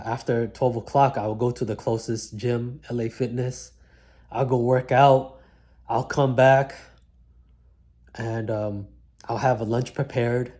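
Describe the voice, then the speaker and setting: Man, mellow tone, laid-back slangy storytelling, single-take vlog. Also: medium pitch. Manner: casual slangy talk, many likes and mans. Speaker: vlogger recounting his life. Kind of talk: one-take reflective storytelling. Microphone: single mic, one take.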